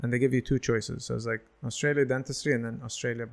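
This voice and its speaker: A rapid-fire man in his thirties, a comedian guest on a casual podcast. He tells lively stories at a middling pitch and keeps slipping into the voices of the people he describes. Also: gravelly. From United Arab Emirates. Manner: animated storyteller who acts out other people's lines.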